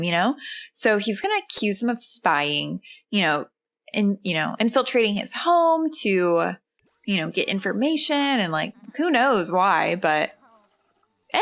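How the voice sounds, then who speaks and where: A woman's voice: mid-range voice, fairly bright tone. A woman hosting a casual let's-play, chatty and filler-heavy as she narrates her game. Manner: chatty, many fillers like "like" and "you know". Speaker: host, gameplay narrator.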